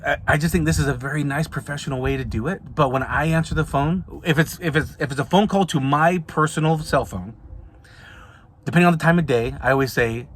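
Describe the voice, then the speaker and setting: Slightly high and fairly bright, the voice belongs to a man who hosts an advice podcast and owns a signing service. He chats informally, frequently circling back to repeat or restart what he's saying.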